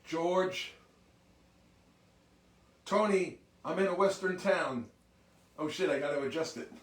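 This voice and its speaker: A man's voice: on the high side, slow, recorded from a distance. A man hosting a music livestream, chatting casually and greeting viewers one by one by name. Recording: roomy sound from off mic.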